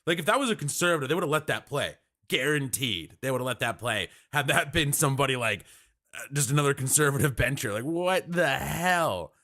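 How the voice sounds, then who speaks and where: A Canadian man hosting a live stream, reacting to parliament in casual, animated commentary. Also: mid-range voice. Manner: animated, exasperated, talks fast in bursts.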